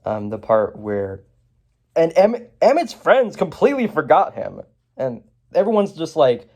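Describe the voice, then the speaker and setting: A man's voice: fairly high pitch, very animated, a little slow, mellow. A man recapping a film in a casual review. He rambles, with lots of fillers, restarts and chuckles.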